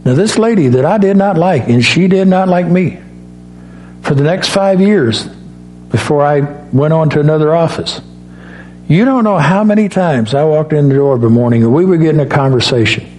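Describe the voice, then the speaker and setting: A middle-aged man preaching a sermon in a folksy, storytelling way, acting out dialogue and rising in pitch on key points. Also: expressive, normal speed, darkish tone, a little hiss or hum. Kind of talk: sermon with personal stories.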